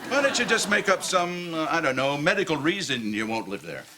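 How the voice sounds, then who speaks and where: Casting: stuffy middle-aged dad, dry and sardonic, fairly high voice. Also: male voice, big pitch swings, a little fast, noisy background. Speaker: stuffy father. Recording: TV audio with studio audience laughter.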